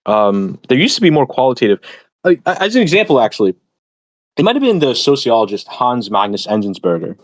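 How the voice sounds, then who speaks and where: This streamer host, whose voice sits on the low side, discusses academia and philosophy in a relaxed but rambling way, drifting into tangents and lecture mode with plenty of fillers. The recording is dry.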